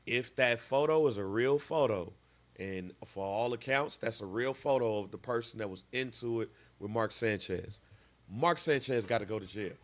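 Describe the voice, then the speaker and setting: A man's voice: mid-range voice, moderate pace. A man in his thirties, a podcast co-host, telling a story with lots of animation and acting out voices in casual chat.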